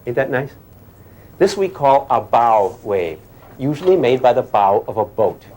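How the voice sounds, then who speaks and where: A man's voice: mid-range voice, big pitch swings, unhurried, a little mellow. An older man giving a physics lecture to a class in a playful way, often asking questions and making sound effects.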